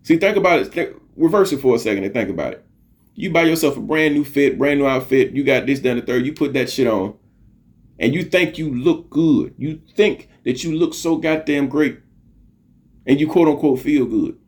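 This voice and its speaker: A man's voice: medium pitch, expressive, moderate pace, darkish tone. Middle-aged male podcast host, mid-range voice, earnest motivational monologue, repetitive emphasis, casual swearing. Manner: earnest, preachy, repeats phrases for emphasis.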